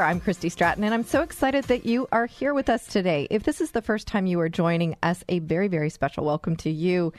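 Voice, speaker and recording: A woman's voice: medium pitch, no echo. A woman hosting a talk show, addressing listeners in an enthusiastic, storytelling way. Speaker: host.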